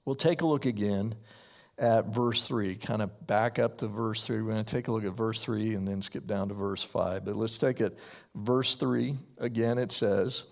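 A male pastor preaching a sermon in a slow, deliberate way, repeating key lines for emphasis. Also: on the low side, fairly even intonation, creaky.

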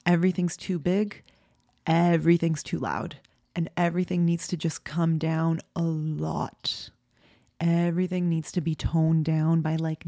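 A woman's voice: on the low side, gravelly, dark tone, dry recording, clean studio sound. A woman vlogger candidly recounting a personal experience to her viewers, full of "like" and "um", tearful at times. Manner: candid, emotional, fillers like "like" and "um". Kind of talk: personal storytelling to camera.

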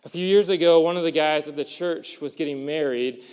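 A pastor preaching a sermon and telling a lively personal story, getting animated as it builds. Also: male voice, a little high, a little fast, smooth. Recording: long hall reverb.

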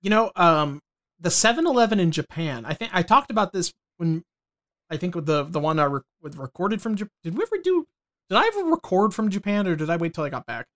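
Man, podcast co-host, casual, swears a lot, reads news items aloud, slightly high voice. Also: sing-song, brisk, fairly bright tone.

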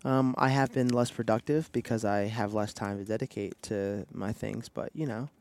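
A man's voice: on the low side, fairly even intonation, normal speed, a little mellow. A young man co-hosting a casual couple's podcast. He jokes about himself and defends himself playfully. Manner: joking, self-deprecating, playfully defensive. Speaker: podcast co-host.

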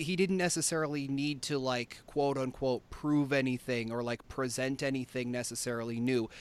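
A man's voice: mid-range voice, fairly bright tone, clear, resonant tone. A man hosting a casual podcast discussion, thoughtful and full of fillers as he talks things through. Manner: thoughtful, many fillers and hedges. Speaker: podcast host.

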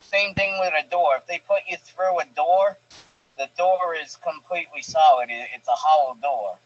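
A man's voice: on the high side, moderate pace, dull audio. A man who wrestles professionally tells stories in a casual interview, bluntly, with lots of fillers and restarts.

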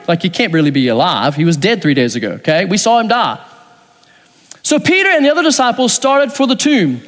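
A pastor preaches a sermon in a high, very animated voice, talking a little fast with a fairly bright tone. He reads scripture aloud and acts out the dialogue in shifting voices, and the sound carries like a big room.

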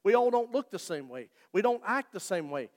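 Speaking briskly, a high-voiced, lively pastor delivers a sermon in a church sanctuary. His tone is conversational and he jokes with the congregation, with the hall's long reverb in the background.

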